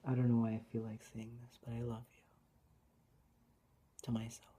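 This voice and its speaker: A tearful woman sharing a personal Bible reflection in a halting, hesitant way, often dropping to a whisper. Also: a bass voice, completely flat delivery, slight background noise. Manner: halting, hesitant, with many restarts; soft-spoken, often drops to a whisper. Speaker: vlogger.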